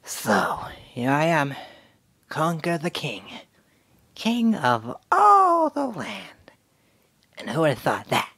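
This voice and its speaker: A man's voice: on the high side, huge pitch swings, slow, vocal fry, long pauses, pushed and bright, slightly rough, no echo, voice pushed up, heavily acted. Teen boy putting on a swaggering, boastful video game squirrel. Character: cocky boastful male cartoon squirrel.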